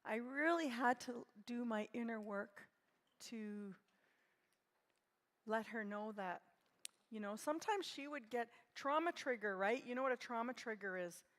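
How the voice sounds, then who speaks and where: A woman in her sixties telling a personal story at a conference in a gentle, reflective way. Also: fairly high pitch, unhurried. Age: 60s. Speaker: conference speaker. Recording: long hall reverb.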